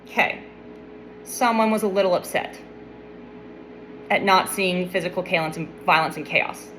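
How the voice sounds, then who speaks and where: A woman's voice: fairly low pitch, normal speed, fairly bright tone, slight background noise, rough recording. A young adult woman casually retelling a Bible story, mixing the reading with wry, playful asides.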